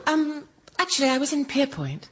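A woman's voice: high-pitched, very animated, moderate pace. Dry-witted woman, comedy guest. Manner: dry, wry understatement. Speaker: actress guest. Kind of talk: scripted radio comedy sketch. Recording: hissy archive radio recording.

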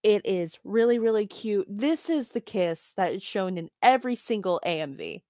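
A woman's voice: mid-range voice, expressive, moderate pace, mellow, no room sound, studio quality. A woman co-hosting a casual podcast, recapping a cartoon episode in a chatty way with frequent restarts. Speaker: podcast co-host.

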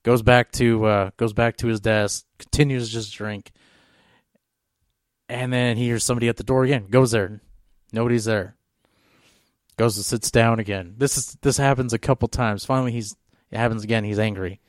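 This man co-hosts a podcast and spins out a lengthy, rambling tale full of filler words and restarted thoughts. He talks at a medium pitch and normal speed with a steady tone, and the audio is clean studio sound without room noise.

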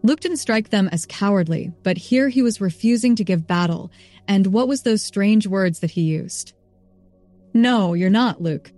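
Brief: female narrator, even storybook delivery, middle pitch, light music bed. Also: moderate pace, dry recording. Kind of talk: scripted narration.

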